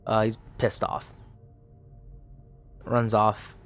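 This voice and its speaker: Slow, relaxed man running a solo tabletop session, counting dice aloud, faint music behind. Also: lowish voice, smooth. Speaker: solo tabletop game player. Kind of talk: casual solo tabletop narration. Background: faint background music.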